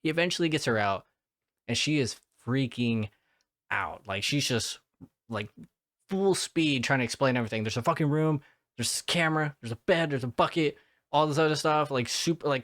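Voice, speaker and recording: A man's voice: medium pitch, normal speed, fairly bright tone, dry recording, clean studio sound. A young man recapping a movie in a casual way, rambling off on tangents, swearing freely and filling his talk with "like". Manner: profane, rambling, goes off on tangents; filler-heavy, lots of "like".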